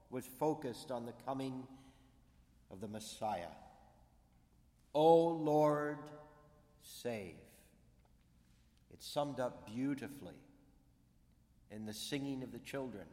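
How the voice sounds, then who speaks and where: A man preaching a sermon, slow and deliberate, stressing key words from the pulpit. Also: fairly low pitch, mellow. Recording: long reverb of a large hall.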